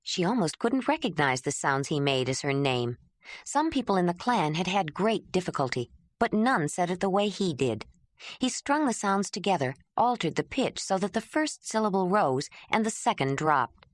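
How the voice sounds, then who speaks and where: A woman narrating an audiobook in a measured, even tone. Her voice sits on the low side and sounds dry and close to the mic. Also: no room sound. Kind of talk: scripted narration.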